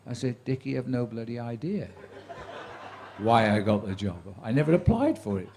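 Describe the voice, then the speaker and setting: A man's voice: mid-range voice, animated, normal speed, mellow. A man in his seventies, a sports commentator, telling career stories to a live audience with dry wit and acted-out quotes. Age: 70s. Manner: chatty raconteur who acts out quoted voices, dry wit. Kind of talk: anecdotal storytelling to a live audience.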